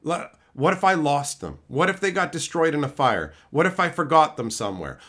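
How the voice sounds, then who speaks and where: A man's voice: a little high, big pitch swings, a little fast, hardly any pauses, fairly bright tone. A man hosting a livestream, ranting bluntly and swearing constantly as he answers chat and acts out both sides of an argument. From America. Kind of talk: casual profane livestream rant.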